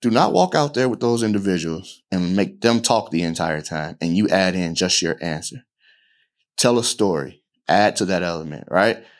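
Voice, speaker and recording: A man's voice: low-pitched, expressive, normal speed. A man coaching a workshop audience on podcasting, talking casually and often checking in with "right?". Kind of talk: casual talk to a live audience.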